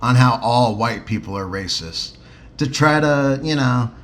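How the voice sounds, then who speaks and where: A man's voice: mid-range voice, measured pace, fairly bright tone, slight background noise. A man co-hosting a podcast in casual chat, joking and sarcastic, swearing freely with lots of ums and uhs. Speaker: podcast co-host.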